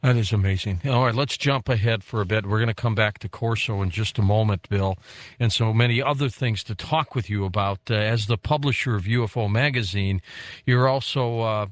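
A man's voice: lowish voice, fairly quick, dry recording. Male radio host in a dry studio. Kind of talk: radio interview.

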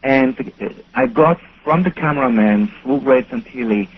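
German man, non-native English, earnest interview guest, phone-quality audio. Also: mid-range voice. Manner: earnest, slightly halting non-native phrasing. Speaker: guest researcher. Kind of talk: call-in radio interview. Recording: thin telephone line with faint hiss.

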